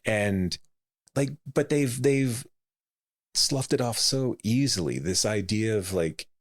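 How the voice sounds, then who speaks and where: A man's voice: fairly low pitch, lively intonation, takes it slowly. A man co-hosting a casual film podcast, rambling with frequent laughs, fillers and restarts. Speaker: podcast co-host. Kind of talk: casual chat.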